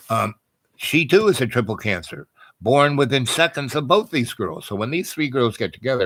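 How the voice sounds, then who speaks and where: A man tells a long personal story in an easygoing, meandering way. He keeps circling back with restarts and filler words, his voice at an ordinary middle pitch. The recording is close and dry, with no room sound. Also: fairly bright tone, dry recording. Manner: rambling, digressive, many fillers and restarts.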